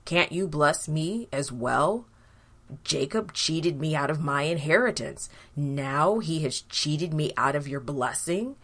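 A woman voicing an angry young hunter who speaks gruffly and bitterly. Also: deep voice, lively intonation, slow pace, a bit bright, full character voice. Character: angry young man, rough hunter son.

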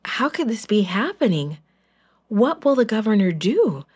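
A woman voicing a group of worried adult brothers, speaking higher and pleading anxiously. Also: sing-song, unhurried, a little mellow, breathy edge.

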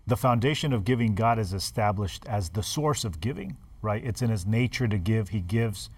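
A man's voice: on the low side, expressive, moderate pace, breathy edge, dry recording. A man talking in a casual Bible study discussion, explaining points and checking in with "right?". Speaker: discussion panelist.

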